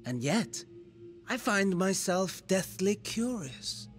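A sly, musing game villain. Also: male voice, high-pitched, big pitch swings, slow pace, soft background music, exaggerated voice. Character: scheming male villain, morbidly curious. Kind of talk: video game voice acting.

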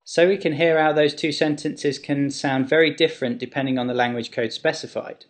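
A man's voice: on the high side, steady tone, a little fast. Man explaining a web tutorial. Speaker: web developer.

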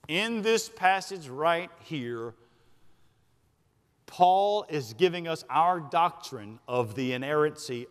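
A senior pastor with a Southern accent preaches in a high voice, leaning emphatically on key words and slowing them for weight. He rushes through his asides, and his voice carries the long reverb of a church sanctuary.

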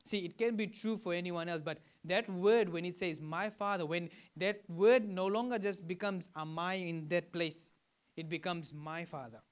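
Fijian pastor preaching conversationally. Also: male voice, sits high, normal speed, smooth. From Fiji. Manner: conversational preaching with questions to the congregation. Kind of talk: sermon.

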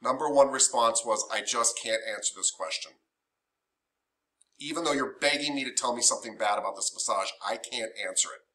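A man teaching a massage therapy class, chatty and emotional, acting out what clients say. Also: brisk. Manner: animated, emotional, chatty with many fillers; acts out quoted clients in higher voices. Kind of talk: classroom lecture.

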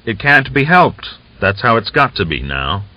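A man's voice: medium pitch, sing-song, normal speed, bright, forceful tone, no room sound, voice pushed up. A man voicing a curt, commanding male rebel leader who gives clipped orders. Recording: dull lo-fi audiobook recording.

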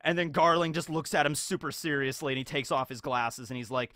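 A man giving casual commentary as a YouTuber, rambling and animated, with lots of filler words. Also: a little high, a little fast, few pauses, no echo.

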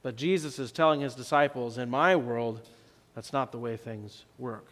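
A man preaching a sermon as pastor, telling the story in a conversational way and swinging between loud and soft for emphasis. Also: medium pitch, normal speed. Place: church sanctuary. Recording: long church reverb.

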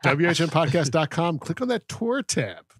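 A man's voice: on the high side, very animated, moderate pace, a bit bright, slightly rough, dry recording, clean studio sound. A man co-hosting a movie podcast, tossing in goofy asides and a tour plug. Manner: goofy interjections, plugs tour. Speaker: podcast host. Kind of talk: casual comedic movie discussion.

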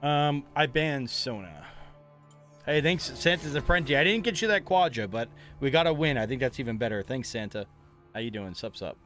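Bright-voiced young man streaming a game. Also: medium pitch, lively intonation, moderate pace, soft background music. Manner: casual, chatty, playfully mock-angry trash talk. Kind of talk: live gameplay commentary.

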